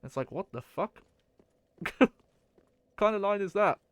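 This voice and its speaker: A man's voice: sits high, animated, unhurried, clear, resonant tone, no room sound. A man streaming a video game, rambling casually and chatting with his viewers. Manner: rambling, chatty, swears and laughs. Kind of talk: casual gameplay commentary.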